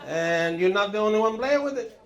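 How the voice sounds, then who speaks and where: A man in his sixties, hosting and telling rambling stand-up comedy stories, jumping to a higher voice for quoted lines. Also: fairly quick, noisy background. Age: 60s. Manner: rambling, animated, jumps up high for acted quotes. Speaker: comedian host. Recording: roomy echo.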